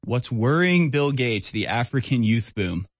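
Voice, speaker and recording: A man's voice: medium pitch, expressive, a little slow, dry recording. A man co-hosting a talk radio show, chatting casually and agreeing readily. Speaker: radio co-host.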